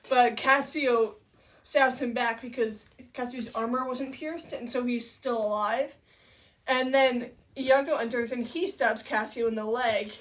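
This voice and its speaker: A woman's voice: on the high side, distant mic. A woman casually recapping a play as co-host, chatty with wry asides.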